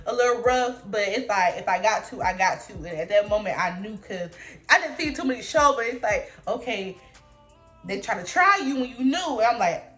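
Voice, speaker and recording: A young woman telling a storytime vlog in casual slang, acting out voices with big jumps in pitch. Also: normal speed, faint music behind. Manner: animated storytelling, acting out her own and others' lines with big pitch jumps. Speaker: vlogger.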